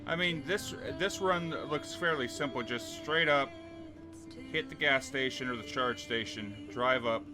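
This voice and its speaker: A man's voice: medium pitch, unhurried, music in the background. A man streaming a driving game, chatting casually and dryly about his run. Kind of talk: casual gameplay commentary.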